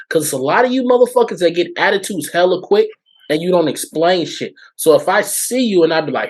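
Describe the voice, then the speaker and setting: A blunt man ranting on a podcast, swearing constantly. His voice sits slightly high for a man, and he storytells with exasperation. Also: animated, fairly quick. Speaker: podcast co-host. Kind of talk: casual chat.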